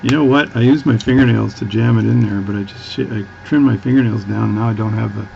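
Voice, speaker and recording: A man's voice: fairly low pitch, fast, gravelly, darkish tone, muffled recording, a little hiss or hum. A Canadian man with a Canadian accent, chatting casually as he works through a watch repair, rambling and restarting often. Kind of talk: casual workbench tutorial.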